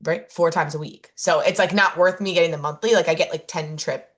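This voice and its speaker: A woman's voice: sits low, steady tone, fairly quick. Woman, podcast co-host, casual chat, rambling storytelling, fillers and self-corrections, laughs at herself. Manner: laughs at herself while telling stories.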